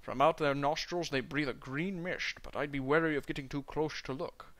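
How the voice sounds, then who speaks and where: A man's voice: a little high, fairly even intonation, moderate pace, a bit bright, lightly acted. A man voicing a blunt old male dwarf miner in a mock Scottish accent, stumbling over the lines as he reads. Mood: gruff.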